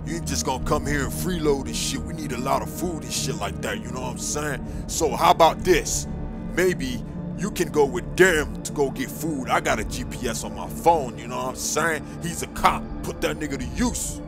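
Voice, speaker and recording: A man voicing a pushy, complaining street guy stuck in a hideout, with a gravelly, husky voice. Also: mid-range voice, normal speed, over music, close to an everyday voice. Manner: pushy, complaining, swears often.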